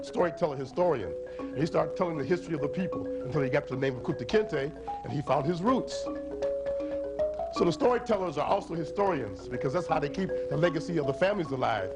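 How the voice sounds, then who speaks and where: This lively man, a storyteller and musician, leads children through call-and-response chants while teaching them about instruments and storytellers at a library event. His pitch is fairly high, and the recording is rough.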